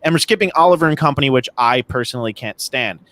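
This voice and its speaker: A man's voice: medium pitch, lively intonation, quick pace, a bit bright, dry recording. A man co-hosting a casual podcast chat, talking enthusiastically and joking as he gushes about his favorites. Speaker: podcast co-host.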